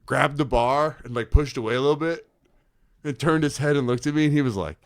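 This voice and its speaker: A man's voice: mid-range voice, a little fast, no room sound, studio quality. A young man co-hosting a podcast, telling long, rambling stories full of fillers and acted-out quotes. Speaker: podcast co-host. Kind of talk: casual storytelling chat.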